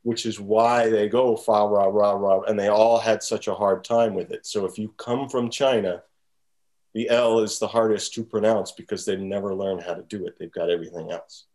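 Animated man retelling a film. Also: lowish voice, normal speed. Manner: animated storyteller who acts out scenes. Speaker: podcast co-host. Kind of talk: casual chat recapping a film.

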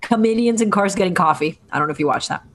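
A woman chatting casually as a podcast guest, enthusiastic and quick in banter. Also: mid-range voice, lively intonation. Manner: enthusiastic, laughing, fast banter. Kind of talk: casual chat.

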